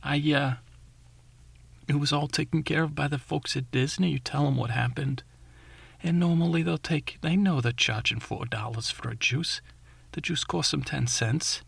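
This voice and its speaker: Rambling folksy man with a gravelly voice. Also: on the high side, moderate pace, a bit bright, dry recording. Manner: meandering, folksy, full of fillers and self-corrections. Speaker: comic storyteller. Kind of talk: rambling comic monologue.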